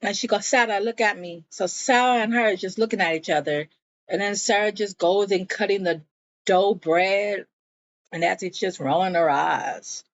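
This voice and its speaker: A woman's voice: medium pitch, normal speed, no room sound, dull audio. A woman casually recapping a TV episode in a chatty, blunt way, swearing freely. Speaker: show recap vlogger.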